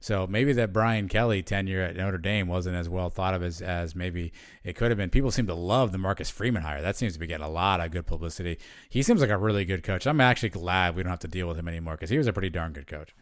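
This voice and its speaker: Low-voiced, smooth podcast co-host man. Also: quick pace, no room sound, clean studio sound. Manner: chatty, many fillers and restarts. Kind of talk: casual sports podcast chat.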